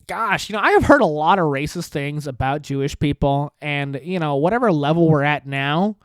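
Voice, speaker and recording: A man's voice: on the high side, animated, normal speed, no echo. A man hosting a comedy podcast, ranting in a profane, sarcastic and rambling way, often cutting himself off. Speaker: podcast host.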